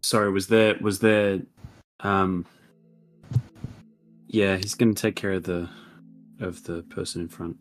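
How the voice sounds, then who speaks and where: A man's voice: sits low, little pitch movement, a little slow, long pauses, soft background music. A man playing a tabletop game, speaking hesitantly. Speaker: player. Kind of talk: casual game chat.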